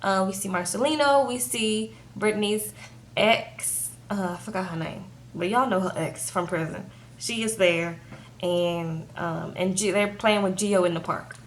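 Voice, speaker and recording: A young woman reviewing a reality TV episode talks a little slowly at medium pitch, with slight background noise. Her loose, chatty recap is full of "like" and repeated "okay?" questions.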